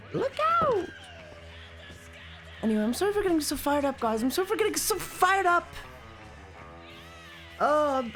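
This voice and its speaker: A woman with a slightly high voice chats casually through a live game stream, joking and swearing as she goes. She now and then breaks into loud mock rants aimed at her chat. Faint music plays underneath. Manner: jokey and profane, bursts into loud mock rants.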